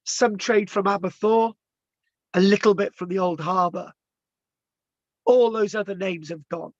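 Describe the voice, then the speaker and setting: A man's voice: high-pitched, fairly even intonation, a little slow, no echo, dull audio. Man with a tired, strained voice. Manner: rambling, stumbles over place names. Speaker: local history presenter. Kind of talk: informal history talk.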